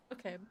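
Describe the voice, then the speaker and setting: A woman streamer chatting casually and reading a game letter aloud, haltingly, correcting herself and laughing often. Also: fairly bright tone.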